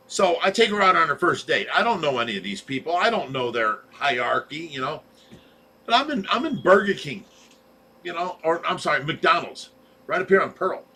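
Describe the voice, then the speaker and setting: A man spins a wild story in easy livestream chat, laughing as he goes. His voice sits a bit high and is bright and forward, with a husky grain to it. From Ohio. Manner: animated storyteller, laughs often. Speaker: livestream host. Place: home fish room.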